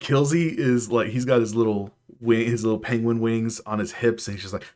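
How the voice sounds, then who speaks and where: A man runs a tabletop game as game master. He narrates with excitement and a lot of fillers. His voice sits at a middle pitch. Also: brisk.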